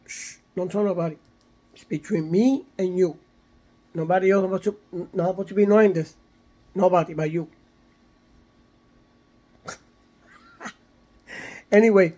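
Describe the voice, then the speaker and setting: A man's voice: high-pitched, dark tone. A man talking in a casual vlog monologue, rambling and repetitive, lecturing his viewers with many fillers and restarts. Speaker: vlogger. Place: somewhere in San Antonio, Texas.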